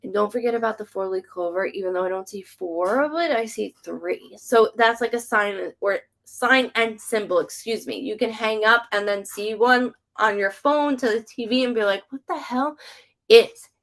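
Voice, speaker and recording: A woman working as a psychic medium, chatting loosely through a live stream. Her voice sits a little high and carries a gravelly, creaky edge. She rambles in a friendly way, full of "like" and "um", as she passes spirit messages to viewers. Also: normal speed, fairly bright tone. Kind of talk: casual live-stream readings.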